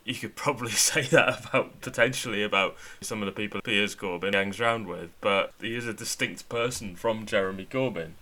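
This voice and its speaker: A man's voice: on the low side, brisk, few pauses, bright, forceful tone. A man co-hosting a podcast in casual chat, sardonic and often laughing. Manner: sardonic, laughs while talking. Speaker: podcast co-host.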